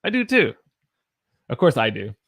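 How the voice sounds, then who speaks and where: This man's mid-range voice swings hugely in pitch and sounds a bit bright and slightly rough, with a Southern US accent. Teaching English pronunciation slowly, he repeats demonstration words many times and replies to viewer chat.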